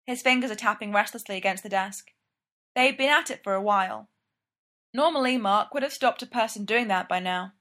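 A woman narrating a story in a steady, even storytelling manner. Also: mid-range voice, a little fast. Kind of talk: scripted narration.

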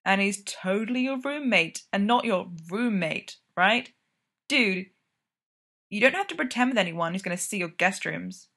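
A woman reading a story, voicing an excitable young man, a hockey player, who exclaims and gets easily rattled. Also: mid-range voice, moderate pace. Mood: awkward.

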